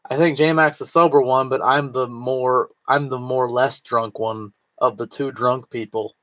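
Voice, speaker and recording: Drunk swearing man, slow and slurry. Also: mid-range voice, fairly even intonation, fairly bright tone. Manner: slurry, swearing, laughing to himself. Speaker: streamer. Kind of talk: drunk casual livestream chat.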